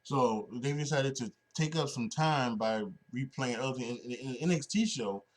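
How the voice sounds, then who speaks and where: A man's voice: medium pitch, normal speed. Rambling man hosting a wrestling podcast. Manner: rambling, many restarts and fillers. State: sleepy, yawning. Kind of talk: casual solo podcast talk.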